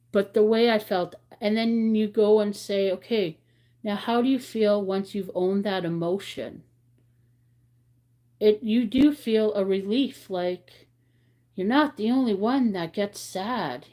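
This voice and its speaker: A woman hosts a relaxed craft livestream and talks in a slow, unhurried way. She rambles candidly between thoughts and reads comments from her viewers aloud. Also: mid-range voice. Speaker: crochet livestream host. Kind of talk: casual chat with viewers.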